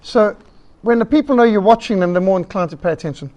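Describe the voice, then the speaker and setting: High-voiced emphatic male preacher. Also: fast talker. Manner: emphatic, lively, lists points, acts out rambling callers. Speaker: preacher teaching a class on public speaking. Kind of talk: lecture to a church group. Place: meeting hall.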